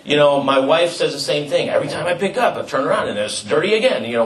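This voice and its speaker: A man's voice: a little high, expressive, quick pace. Middle-aged male pastor, chatty sermon storyteller, echoey hall, mic at a distance. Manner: conversational, storytelling with asides and fillers. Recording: roomy, distant mic with faint ambience.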